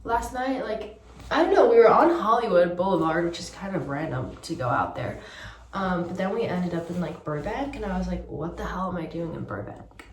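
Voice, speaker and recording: A woman's voice: medium pitch, expressive, normal speed, recorded from a distance. A young woman with a Geordie accent, hungover, chatting rambly to her phone camera while getting ready in her bathroom. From Newcastle, England. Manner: rambling, chatty, many fillers. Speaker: vlogger. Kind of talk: casual chat to camera. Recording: echoey room, voice off-mic.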